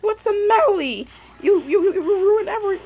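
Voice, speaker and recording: A young woman commentating her puzzle game casually, excitable, yelling at the game and repeating "no" over and over. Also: very high voice, moderate pace, rough recording. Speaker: gameplay commentator.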